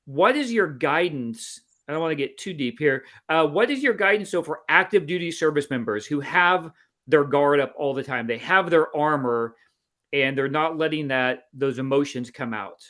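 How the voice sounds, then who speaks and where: A man hosting a casual interview in a slightly raised pitch. He asks his questions in a friendly, hesitant way. He fills the gaps with plenty of ums and uhs. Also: fairly bright tone. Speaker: interviewer, Marine veteran.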